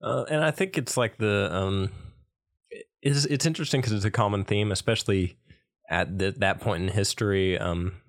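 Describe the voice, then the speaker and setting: A man co-hosting a podcast in casual conversation. His voice is very deep with a gravelly fry, and he rambles hesitantly, circling his points. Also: moderate pace. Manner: rambling, hesitant, lots of fillers and restarts. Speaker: podcast co-host. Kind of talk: casual chat.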